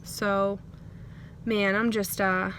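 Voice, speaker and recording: A woman talking in a candid personal video diary, earnest and reflective, with frequent pauses and ums. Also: medium pitch, little pitch movement, fairly bright tone, slight background noise. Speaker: vlogger.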